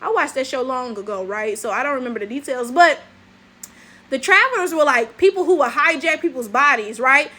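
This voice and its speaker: A woman's voice: high voice, expressive, brisk, pushed and bright. A young woman from Detroit with a Detroit African American English accent, doing sassy, profane reaction commentary with lots of "right?" asides. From Detroit, USA. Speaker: YouTube commentary host.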